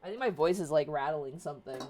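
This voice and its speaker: A woman's voice: low-pitched, quick pace, darkish tone, slight background noise. A woman streamer chatting casually while playing, swearing now and then. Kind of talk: casual game stream chat.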